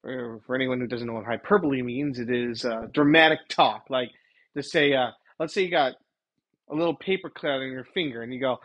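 Husky-voiced man preaching casually. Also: mid-range voice, a little fast, a bit bright. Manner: rambling, self-correcting, retells scenes with quoted voices. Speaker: Christian commentator. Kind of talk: informal preaching monologue.

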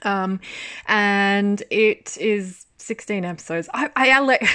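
A woman talking from her home study in an excitable, chatty podcast style. She gushes, laughs often and throws in casual swearing. Her voice sits at an ordinary middle pitch for a woman. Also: takes it slowly, clean tone. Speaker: podcast host.

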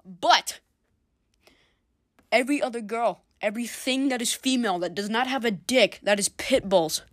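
A woman's voice: medium pitch, no echo. Sarcastic, profane woman joking alone. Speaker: podcast host. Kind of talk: casual comedic monologue.

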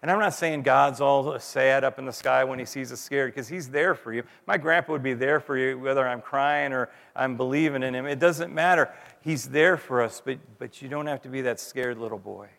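A man's voice: medium pitch, moderate pace, gravelly, hardly any pauses, a bit bright, in a large hall. A man in his fifties, a pastor, preaching a sermon and closing in prayer, telling his story earnestly and repeating words as he goes. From United States.

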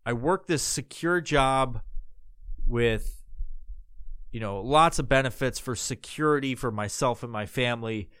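A podcast host delivers a casual, rambling monologue in a medium-pitched, fairly bright, smooth voice, speaking a little slowly with no room sound. He's loose and profane, swearing a lot and filling his talk with fillers and restarts.

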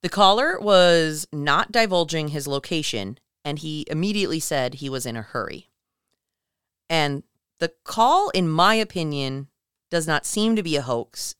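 A woman's voice: low voice, unhurried, clean tone, no room sound, clean studio sound. A woman co-hosting a podcast, retelling a story in casual chat and acting out the quotes as she goes. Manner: animated retelling, acts out quotes. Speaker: podcast co-host.

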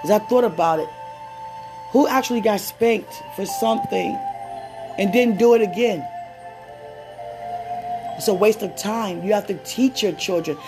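A woman preaching with an easy, chatty warmth. She moves between personal stories and slow, deliberate prayer, in a mid-range voice, with faint music underneath. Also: mid-range voice. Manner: conversational, laughing asides, slows down for prayer. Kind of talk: sermon and prayer.

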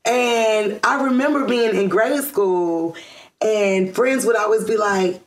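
A woman's voice: medium pitch, a little slow. A woman from Georgia in the US, chatting in a casual interview, rambling with many fillers and restarts and laughing often. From Georgia, USA. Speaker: interview guest. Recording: roomy echo.

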